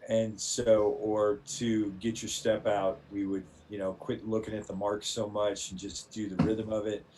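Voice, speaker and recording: A male coach speaking in a measured, thoughtful way, explaining his approach step by step. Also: fairly low pitch, flat delivery, a little mellow, a little hiss or hum, poor audio. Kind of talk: interview reflection.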